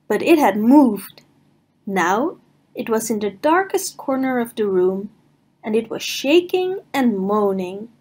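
A woman narrating a picture book aloud for preschoolers in a slow, sing-song manner. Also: fairly high pitch, darkish tone, husky. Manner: slow, sing-song reading for small children. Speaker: storybook reader. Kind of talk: children's read-aloud narration.

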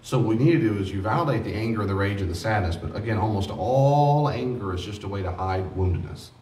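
A man's voice: lowish voice, lively intonation, fast talker, a little mellow. A man preaching a teaching sermon on grief as a pastor, earnest and conversational, repeating himself for emphasis. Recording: echoey room, mic at a distance.

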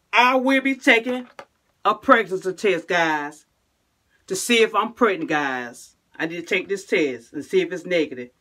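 In her casual camera vlog, a woman's speech comes in short bursts with frequent restarts. Her lines mostly finish with a quiet, lowered "y'all" or "guys."

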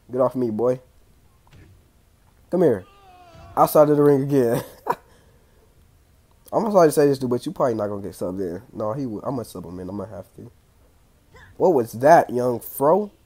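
A young man casually commentating his own wrestling video game play, excitable and slangy, trash-talking the opponents, with a clogged throat. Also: mid-range voice, husky. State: congested throat. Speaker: gaming channel host.

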